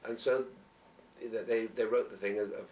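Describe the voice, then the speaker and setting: A man's voice: fairly low pitch, fairly even intonation, normal speed, a little mellow, dull audio, slight background noise. A middle-aged man, an actor, chatting as an interview guest and telling long rambling anecdotes. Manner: rambling anecdotes, acts out quoted voices. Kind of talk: casual chat. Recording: roomy distant amateur recording.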